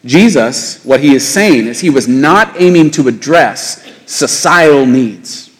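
Male pastor preaching a sermon; animated, climbs high on rhetorical questions; reverberant church hall. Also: unhurried, husky.

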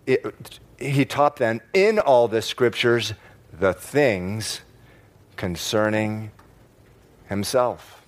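A man preaching a sermon to a congregation in church, stressing key words by slowing down and repeating phrases. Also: fairly low pitch. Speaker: pastor.

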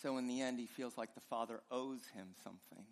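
A pastor preaching a sermon with passion, his voice swinging between loud and hushed. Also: medium pitch, a little fast. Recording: long reverb of a large hall.

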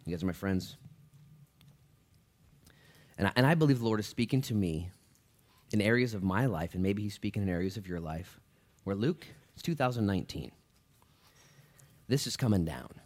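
A male pastor with a fairly low voice preaches in church, addressing his congregation like friends. He is expressive and speaks at a moderate pace with frequent pauses, moving from quiet, low asides up to loud, pointed emphasis.

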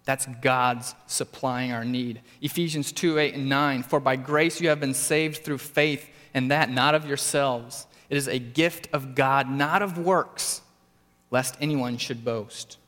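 A man preaching a sermon with earnest emphasis, his voice climbing for stressed points and dropping low for quiet ones. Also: fairly even intonation, unhurried, big-room sound. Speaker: pastor.

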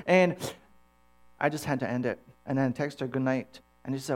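A man preaching a sermon, telling personal stories in an animated way and acting out the dialogue. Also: medium pitch, moderate pace. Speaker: pastor.

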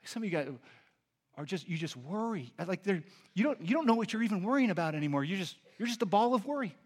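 A man, a pastor, delivering a sermon, moving between earnest teaching and animated storytelling. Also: high-pitched, quick pace. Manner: animated storytelling with lively impressions.

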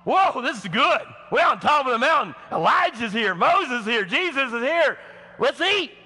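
Preacher putting on a hyped southern dude, way up high and hollering, big hall echo. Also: male voice, sing-song, breathy edge, heavily acted. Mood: excited. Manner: loud, high, rushing, exclamatory. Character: excited Southern man blurting out a big plan. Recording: long church hall reverb.

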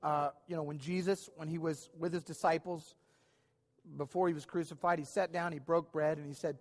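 Preaching a sermon as his church's pastor, this man sounds earnest and informal, stumbling over his words when moved. His pitch is fairly high, his tone steady, and his pace moderate, with the big-room sound of a church sanctuary.

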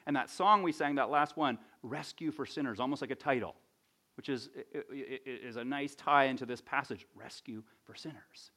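A man's voice: medium pitch, moderate pace, sharp tone. A man preaching a sermon, teaching in a conversational way and often checking in with "right?". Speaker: pastor.

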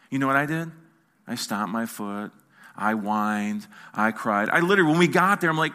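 Middle-aged male pastor, bright forceful tone, slightly high pitch, animated sermon storytelling. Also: brisk. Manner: animated storytelling with playful asides to the congregation. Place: church sanctuary.

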